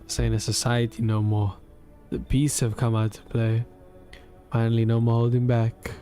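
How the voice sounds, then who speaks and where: A man's voice: medium pitch, little pitch movement, moderate pace, mellow, soft background music, lightly acted. A man voicing a boastful, threatening male survivor in a game, taunting with streetwise slang. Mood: menacing.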